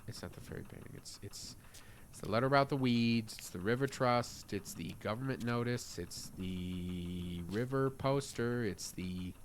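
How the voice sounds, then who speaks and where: A man streaming a puzzle game in casual commentary, thinking aloud, muttering and trailing off, with sudden excited gasps and exclamations. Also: medium pitch, moderate pace, slight background noise.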